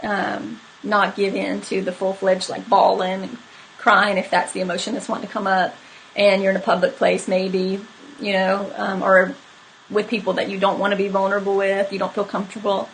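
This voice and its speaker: A woman's voice: mid-range voice, monotone, normal speed, vocal fry, slight background noise, low-quality recording. A woman telling a personal story to live viewers in a candid, conversational way, with many fillers. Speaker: horse trainer hosting a live stream.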